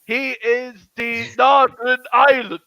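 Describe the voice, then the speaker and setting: A man's voice: very high voice, level tone, slow pace, sharp tone, no room sound, rough recording. A man in a casual group chat on a live show, insisting stubbornly and repeating himself.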